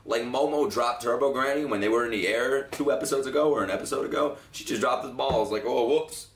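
A young man with a medium-pitched voice reacts out loud to an anime episode as host of his channel. He is excitable and profane, and he breaks into laughter often. A faint hiss of noise sits under the recording. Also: brisk. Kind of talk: live reaction commentary.

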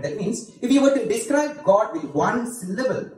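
A man's voice: very high voice, expressive, darkish tone. A man teaching a group how to chant a mantra, patiently explaining each part and often checking with "okay?". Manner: chants the mantra in a slow sung tone. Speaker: spiritual teacher. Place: devotional centre hall. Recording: echoey hall, from far off.

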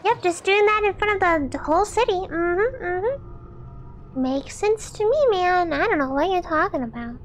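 A young woman streamer giving loud, joking let's-play commentary, exclaiming and swearing at the game. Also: very high voice, lively intonation, unhurried, slight background noise. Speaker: gaming streamer.

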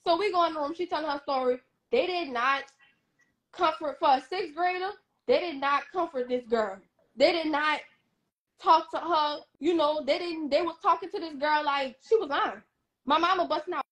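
A young woman telling a personal story on a live stream, animated and emphatic, acting out what others said. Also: high-pitched, normal speed. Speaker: guest.

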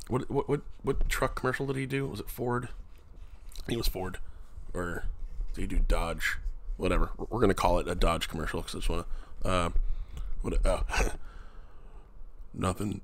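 Man, deep voice, gravelly, casual self-mocking vlog ramble, close mic. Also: moderate pace, pauses often. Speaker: vlogger. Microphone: desk mic up close.

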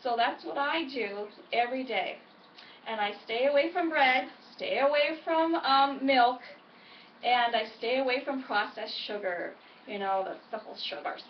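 A woman's voice: high voice, unhurried, a little hiss or hum. A woman, chatting upbeat and encouraging in a casual vlog from home. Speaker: weight-loss vlogger. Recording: echoey, distant, dull home recording.

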